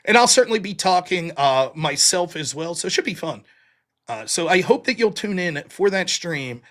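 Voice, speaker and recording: A man's voice: high-pitched, big pitch swings, moderate pace, a bit bright. A man hosting his own live stream, talking casually to his audience in a blunt, rambling way with some mild profanity. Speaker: livestream show host.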